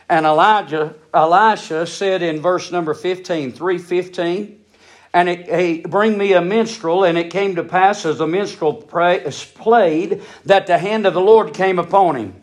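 A man's voice: high-pitched, a little slow. A man preaching a sermon, emphatic and repetitive, building in intensity.

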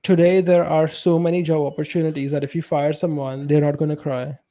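Guy on a podcast, kinda high voice, mellow, says it straight. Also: level tone, brisk. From India. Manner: blunt and opinionated. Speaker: podcast co-host. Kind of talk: casual chat.

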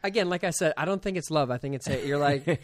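A young man hosting a podcast, telling stories in a joking, animated way. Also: on the high side, fast talker, no echo, studio quality. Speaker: podcast host. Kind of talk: casual podcast conversation.

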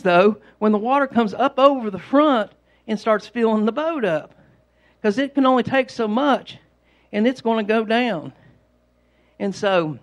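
A man preaching an informal sermon, rambling and repeating himself as he tells homespun stories. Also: high voice. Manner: rambling, repetitive, homespun storytelling. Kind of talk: conversational sermon.

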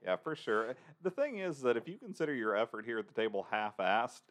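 A man's voice: medium pitch, very animated, brisk, fairly bright tone. Guy hosting a chill podcast, jokey, keeps laughing, voice bounces all over. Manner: laughs often, joking and teasing. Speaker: podcast host. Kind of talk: casual podcast chat.

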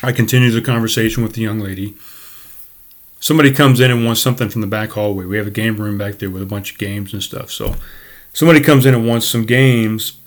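A man's voice: on the low side, fast. A man hosting a podcast, telling a story from his bartending job in a rambling, profane way with frequent self-corrections. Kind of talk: casual storytelling monologue.

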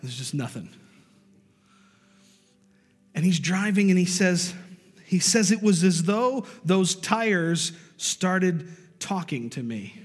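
A male pastor preaching a storytelling sermon, swinging from loud bursts to hushed, low lines. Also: lively intonation, slow, pauses often, slightly rough, in a large hall.

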